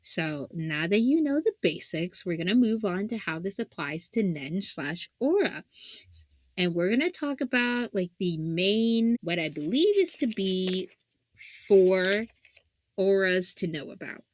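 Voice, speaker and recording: A woman's voice: mid-range voice, big pitch swings, unhurried, no echo, studio quality. A woman hosting an anime analysis talk in a casual, rambling way, filling her speech with "like" and often laughing. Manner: rambling, many "like" fillers, frequent laughter.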